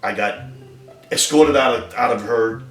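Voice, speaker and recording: A man's voice: medium pitch, unhurried, a bit bright, recorded from a distance. A middle-aged man telling the story of his marriage in a casual interview, acting out the quotes with bursts of laughter. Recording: echoey room from afar with music.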